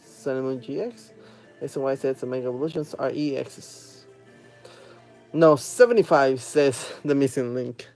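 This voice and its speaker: A man hosting a live stream, opening trading card packs with excited casual commentary, humming while he opens them and chatting with viewers. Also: medium pitch, normal speed, soft background music. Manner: chats with viewers and reads their comments aloud.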